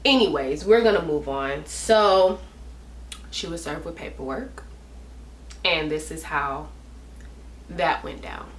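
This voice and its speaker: A woman's voice: sits low, slow pace, pauses often, roomy sound, a little hiss or hum. A woman telling a personal story in a casual storytime vlog, talking emphatically with slang and repeating herself for stress. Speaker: vlogger.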